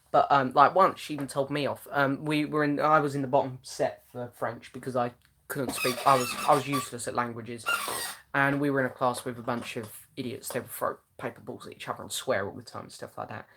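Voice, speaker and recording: A man's voice: medium pitch, fairly even intonation, fairly quick, noisy background. A young man hosting a casual live chat, reading out viewers' comments in a chatty, meandering way with many ums. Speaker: live-stream host.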